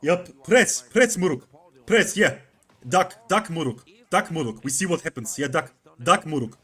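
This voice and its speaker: Angry young gamer with Turkish-German accent, loud and raised high, a man putting it on. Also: lively intonation, moderate pace, husky. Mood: cursing rant. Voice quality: loud, shouty swearing. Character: angry cursing young male online gamer.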